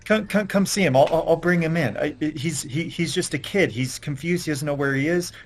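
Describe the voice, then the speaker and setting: A man's voice: fairly high pitch, a little fast. A man playing a tabletop game who stammers and repeats words as he speaks in character. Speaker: player. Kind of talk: tabletop role-play.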